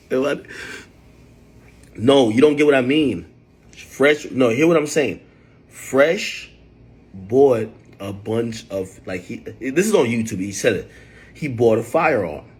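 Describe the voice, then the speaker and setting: A man hosting a livestream, telling stories in animated casual chat, with a husky voice and sudden loud outbursts. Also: medium pitch. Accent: New York. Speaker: livestream host.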